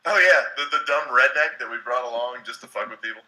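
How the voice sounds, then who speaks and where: A man's voice: mid-range voice, quick pace, pushed and bright, rough recording. A man from Tennessee with a Southern accent, chatting casually and profanely on a live stream, telling joking stories. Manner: profane, joking, drawling storyteller. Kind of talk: casual chat.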